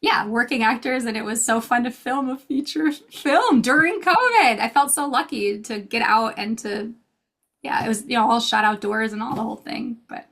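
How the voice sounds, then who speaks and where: A woman in her thirties, an actress telling stories in a casual interview, bubbly and quick to laugh while acting out quotes. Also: on the high side, fairly bright tone. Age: 30s. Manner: bubbly storyteller, laughs often, acts out quotes. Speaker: actress and guest. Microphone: video call.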